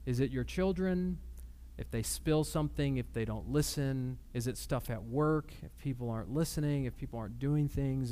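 A man's voice: a little high, a little mellow. A man in his thirties preaching a sermon in a conversational, emphatic way, telling personal stories. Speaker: pastor.

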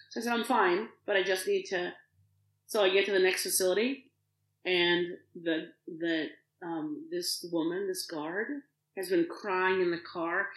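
A middle-aged woman, a podcast guest, telling an emotional personal story in an animated way, acting out the voices of others and often restarting her sentences. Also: lowish voice, unhurried, reverberant, rough recording.

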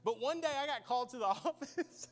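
A young man preaches in church with a strikingly high-pitched voice. He tells playful stories, laughs easily, and keeps turning to the congregation to draw them in. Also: a little fast, faint music behind. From Arkansas. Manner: lively, humorous, laughs often, addresses congregation directly. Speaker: pastor. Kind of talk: sermon with storytelling.

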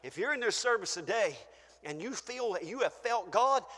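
An older man preaching a fervent sermon as pastor in a church, shouting praise and then dropping to a hush. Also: high-pitched, animated, moderate pace. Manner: shouting, exclaiming hallelujah, swinging between loud and soft. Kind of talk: pentecostal sermon. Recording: church hall reverb.

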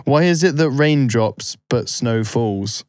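A man's voice: medium pitch, animated, slow pace, a little mellow. A man co-hosting a podcast, reading out silly questions in casual chat and laughing a lot. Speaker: podcast co-host.

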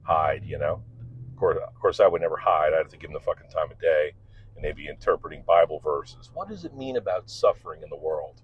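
A man's voice: rumbling low, quick pace, a little hiss or hum. A middle-aged man telling a rambling, profane story in a casual, candid monologue. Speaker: podcast host and father. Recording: dull lo-fi recording.

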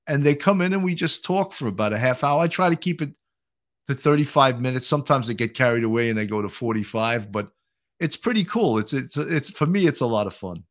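An older man with a New York accent hosts a podcast chat, his voice at a middle pitch. He talks loosely, stumbling over restarts and fillers as he goes. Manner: chatty, hesitant with many fillers and restarts. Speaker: podcast host. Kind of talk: casual interview chat.

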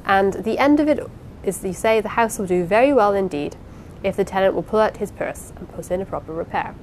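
A woman's voice: medium pitch, fairly quick, darkish tone, a little hiss or hum, lightly acted, low-quality recording. Rosamond, a woman reading an eager young wife. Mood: playful. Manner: eager, playful, gushing. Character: lively affectionate young wife. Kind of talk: audiobook character reading.

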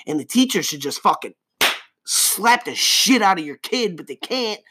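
A man hosting a podcast, ranting angrily and profanely, swinging between loud outbursts and low mutters. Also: very animated, normal speed, slightly rough. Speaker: podcast host.

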